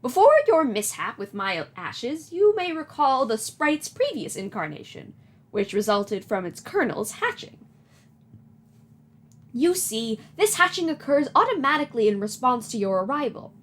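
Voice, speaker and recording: A woman's voice: fairly high pitch, very animated, normal speed. A woman voicing a wise older grandmother spirit, speaking in a theatrical, solemn storytelling lilt.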